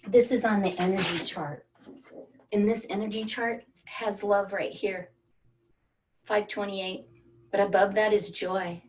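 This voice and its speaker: A woman's voice: mid-range voice, a little mellow, recorded from a distance. A woman wellness coach leading an online group through a guided energy exercise, coaxing and encouraging participants by name. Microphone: video call.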